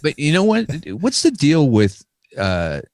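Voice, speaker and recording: A man's voice: fairly high pitch, wildly swooping pitch, a little slow, a little mellow, dry recording, clean studio sound. A man co-hosting a casual chat, rambling with fillers and lisping slightly from fresh stitches in his mouth. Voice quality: filler-heavy, rambling storytelling. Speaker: podcast co-host.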